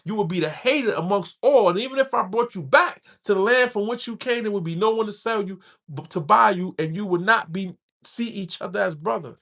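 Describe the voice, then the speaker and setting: Man, high-pitched, middle-aged, street-inflected casual talk, repeats himself for emphasis, impassioned host. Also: a little fast, gravelly, fairly bright tone. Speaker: podcast host.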